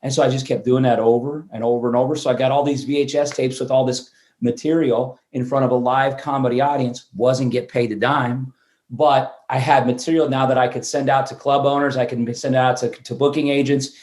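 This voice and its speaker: A man in his fifties, a guest on an interview show, telling stories in a lively way and often restarting words mid-sentence. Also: mid-range voice, a little fast. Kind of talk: storytelling interview chat. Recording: roomy echo.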